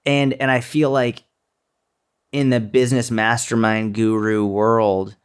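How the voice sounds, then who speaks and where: A man's voice: mid-range voice, flat delivery, unhurried, clean tone. A man co-hosting a podcast in casual chat, blunt and profane, mocking people with put-on quotes. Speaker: podcast co-host. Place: seminar speaker, fitness business coach.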